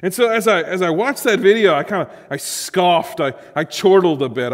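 A man preaching a Sunday sermon as pastor, earnest and animated, often restarting his phrases. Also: a little high, normal speed, long reverb tail.

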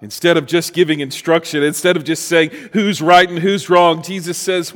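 Animated male pastor in a reverberant hall. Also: high-pitched, normal speed, few pauses. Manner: animated, playful asides to the congregation. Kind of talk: sermon with scripture reading.

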